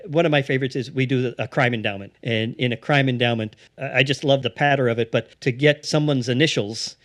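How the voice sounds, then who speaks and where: A man, an improv theatre founder, explaining his craft in a casual interview and slipping into quick acted-out bits. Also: medium pitch, fairly even intonation, fairly bright tone.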